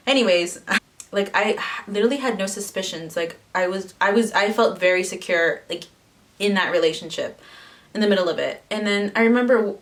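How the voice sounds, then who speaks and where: A woman's voice: medium pitch, fairly bright tone, distant mic. A young woman telling a personal story in casual vlog chat, full of "like" fillers. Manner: chatty, lots of "like" fillers. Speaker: vlogger.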